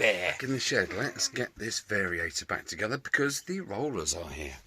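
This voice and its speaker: A vlogger who restores motorbikes talks to camera in a chatty, self-mocking, jokey way as he fixes up a scooter in his home shed. He has a low, husky voice, pushed and bright, with lively intonation at a normal speed.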